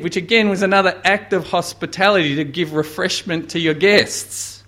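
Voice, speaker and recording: A man's voice: fairly high pitch, moderate pace, few pauses, fairly bright tone. A man preaching a sermon, retelling a gospel story and lifting his voice to quote Jesus with dramatic weight.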